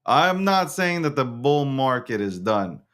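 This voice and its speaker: A man's voice: medium pitch, sing-song, measured pace, a bit bright. A man hosting a casual crypto market monologue, slangy and swearing, who keeps breaking into fits of giggles. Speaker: host of a crypto news show.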